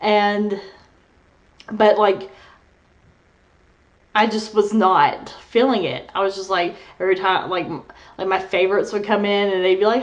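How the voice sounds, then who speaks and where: A woman's voice: medium pitch, measured pace, pauses often, dull audio. A young adult woman vlogging, telling a rambling story in casual chat and laughing as she goes. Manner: candid, rambling, laughs through her story.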